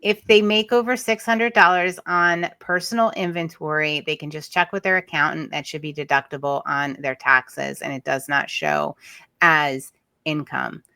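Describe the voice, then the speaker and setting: A woman's voice: low voice, steady tone, normal speed, vocal fry, bright, forceful tone, dry recording. A woman hosting a podcast, giving practical business advice in a chatty, emphatic way. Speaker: podcast host. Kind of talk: casual advice chat.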